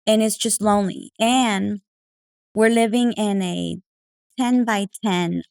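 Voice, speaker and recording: A woman's voice: medium pitch, takes it slowly, vocal fry, clean tone, dry recording, studio quality. A woman, a podcast guest, telling personal stories in a casual, chatty way, full of "like" and "you know", and acting out what people said. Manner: animated, acting out quoted remarks. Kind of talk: casual conversational storytelling.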